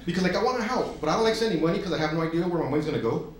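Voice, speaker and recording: A brash male stand-up comic rattles through crude punchlines, his voice jumping up and down as he acts out characters. He talks on the high side and at a fast clip. The sound is a very echoey live club recording with noise in the room behind him. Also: animated. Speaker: stand-up comedian. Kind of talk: stand-up comedy set. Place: comedy club stage.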